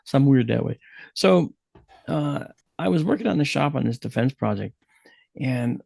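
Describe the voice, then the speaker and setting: Gravelly man telling a spooky story. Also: medium pitch, no echo. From USA. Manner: animated storyteller, acts out his own quotes. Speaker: guest speaker. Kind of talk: storytelling talk.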